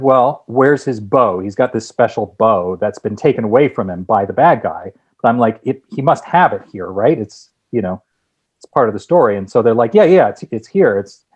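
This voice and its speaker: A man who is a guest screenwriter and director, telling lively anecdotes with many restarts in a casual interview. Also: mid-range voice, breathy edge.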